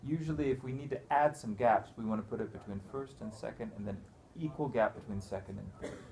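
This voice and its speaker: A man's voice: on the low side, fairly quick, gravelly, crowd noise. A man teaching rhythm in a one-on-one music lesson, patiently explaining step by step and counting beats and chanting rhythm syllables aloud. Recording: noisy room recording.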